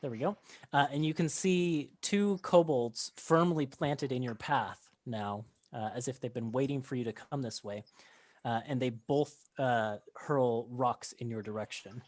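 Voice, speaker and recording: Speaking at a medium pitch and a slightly slow pace, a man serves as game master for a tabletop game. His narration is laid-back and full of filler words.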